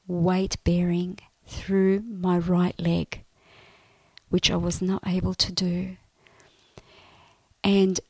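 A woman telling her personal faith testimony in an earnest, emotional way, often dropping to a soft, breathy voice. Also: medium pitch, no room sound.

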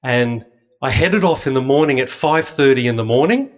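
Storytelling priest, dull recording. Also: male voice, mid-range voice, normal speed. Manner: lively anecdotal storytelling with dry humor. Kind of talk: storytelling talk to an audience.

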